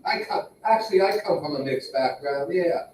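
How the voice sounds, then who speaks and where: A man's voice: a little high, moderate pace, far from the mic, slight background noise. A man emceeing an open mic, firing off short one-liners and tagging them with "yeah". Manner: tags jokes with "yeah", punchy deadpan one-liners. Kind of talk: stand-up between acts. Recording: very echoey room, heard from afar.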